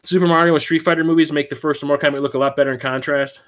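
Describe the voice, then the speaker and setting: A man hosting a casual livestream, telling stories in an animated way and swearing freely. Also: a little high. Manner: animated storyteller, swears freely, quick bursts of excitement. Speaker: livestream host.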